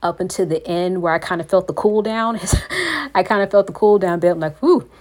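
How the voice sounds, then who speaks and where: A woman's voice: on the low side, fast, a little mellow. A woman hosting a faith podcast, talking in an earnest, preachy way and calling her listeners "you all". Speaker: podcast host.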